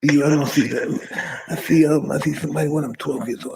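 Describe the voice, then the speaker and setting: A man in his fifties talking intensely and emotionally, profane and halting, in a casual conversation. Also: a little high, fairly even intonation, gravelly, crowd noise. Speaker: podcast host.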